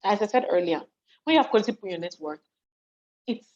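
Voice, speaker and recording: Talking fast in a mid-range voice, a Nigerian speaker on leadership and volunteering addresses a chat audience live online from her home study, hungry and yawning. She's lively and conversational, imitating what people say and frequently asking listeners if they follow. The video call audio is dull and lo-fi with a little hiss or hum.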